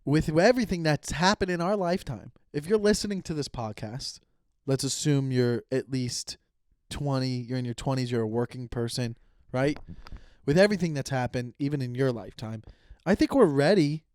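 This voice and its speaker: A man in his thirties hosting a solo podcast, rambling and animated as he rants, swearing casually. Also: mid-range voice, moderate pace, no room sound, clean studio sound. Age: 30s. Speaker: podcast host. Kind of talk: solo comedic podcast rant.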